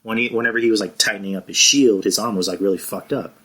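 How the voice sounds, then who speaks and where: Male podcast co-host, low bright tone, loose and rambling, swears casually. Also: steady tone, fast talker, slightly rough.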